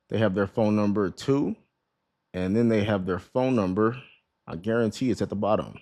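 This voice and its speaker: A man's voice: fairly low pitch, normal speed, darkish tone. A man giving a casual screen-share lesson on running an online store, talking conversationally with many "right?" tags and restarted words. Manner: conversational, repeats "right?" and "you know what I mean?", restarts words. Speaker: online business course creator.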